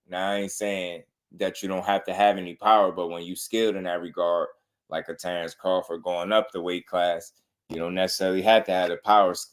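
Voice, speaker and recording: A man hosting a casual boxing talk show, commenting on clips in a relaxed, repetitive way and often asking "you know what I mean.". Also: low-pitched.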